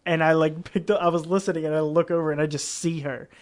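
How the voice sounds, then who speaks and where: A young man hosting a casual podcast chat, telling animated customer-service stories and acting out customers. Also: a little high, fast talker. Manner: animated storyteller, acts out customers. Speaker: podcast host.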